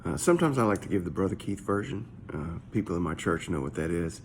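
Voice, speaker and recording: Low-voiced pastor giving a casual devotional. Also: male voice, lively intonation, quick pace, a little hiss or hum. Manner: conversational, searching, repeats words. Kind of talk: short devotional talk.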